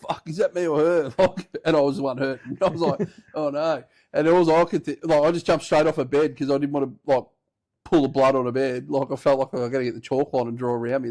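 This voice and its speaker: Slightly high-pitched with a darkish tone, this Australian-accented podcast host tells a meandering, expletive-heavy story in a relaxed way, often breaking into laughter.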